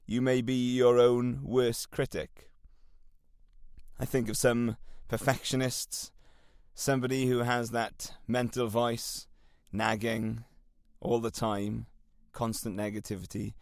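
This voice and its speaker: A man's voice: mid-range voice, level tone, slow, clear, resonant tone, no room sound, studio quality. A man with a Welsh accent hosting a solo self-help podcast, talking to listeners in an earnest, encouraging coaching way. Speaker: podcast host.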